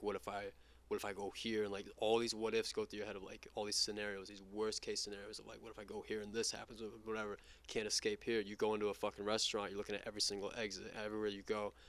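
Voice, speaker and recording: A young man from New York talks in a rapid, rambling rush, piling on fillers and swear words. His voice sits fairly low. He tells his stories as an interview guest in a loose, casual chat. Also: a bit bright. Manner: rapid, profane, filler-heavy storytelling.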